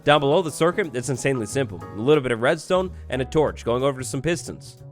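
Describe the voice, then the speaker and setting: A young man hosts a Minecraft tutorial, narrating gameplay in a mid-range voice that's animated and fast. He explains the mechanics in an upbeat, playful way and acts out little scenes over background music.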